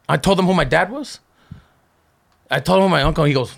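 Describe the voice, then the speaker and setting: Guest: gravelly middle-aged man, lively street-story teller. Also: fairly high pitch, fairly quick. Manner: animated, slangy storytelling full of quoted voices. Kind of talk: casual storytelling.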